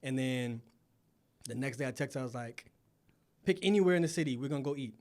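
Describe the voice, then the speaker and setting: A man in his forties from Florida sits as a guest and spins casual anecdotes. He talks in a relaxed, easy way and laughs as he goes. His voice sits in a middle register. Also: mid-range voice, fast. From Florida, USA. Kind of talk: casual storytelling.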